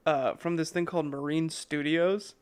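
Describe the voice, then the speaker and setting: A podcast co-host tells a story in casual chat, relaxed and full of fillers and chuckles. His voice is on the high side, smooth, at a normal speed.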